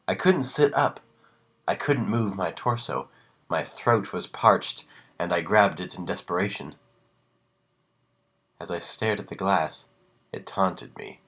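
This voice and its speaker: A man reading horror stories aloud on a live stream, breaking off for casual asides and dropping to a hushed voice on the ominous lines. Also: deep voice, slightly rough.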